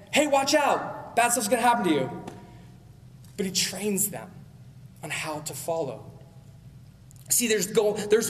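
A man's voice: high voice, slight background noise. A male pastor giving a sermon in a conversational preaching manner, often checking in with his listeners. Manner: conversational preaching with frequent "right?" asides. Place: church sanctuary. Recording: long church hall reverb.

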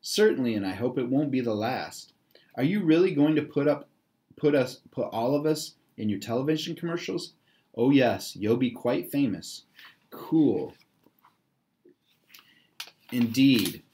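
A man doing a courtly, eccentric old gentleman. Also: mid-range voice, lively intonation, a little slow, pauses often, natural voice. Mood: delighted. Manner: formal, courtly. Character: eccentric, gracious old male library owner.

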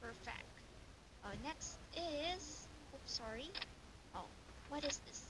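A young woman teaching English online, giving a child a demo lesson with slow, exaggerated, sing-song praise. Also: high-pitched. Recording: hissy home recording.

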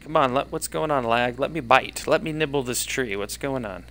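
A man's voice: mid-range voice, moderate pace, fairly bright tone, slight background noise. A man streaming live gameplay, chatting to himself and his viewers and easily startled.

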